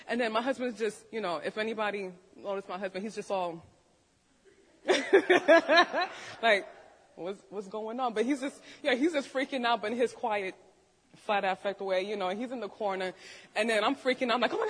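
Woman giving an animated church testimony. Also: medium pitch, breathy edge. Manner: animated storytelling, acts out voices. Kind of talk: testimony to a congregation. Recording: long hall reverb.

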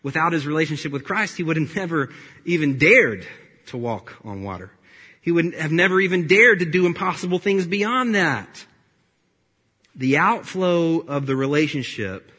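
A man's voice: a little high, sharp tone, breathy edge. A man in his thirties preaching a sermon in a casual, joking storytelling way, recorded in a reverberant church hall. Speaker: pastor.

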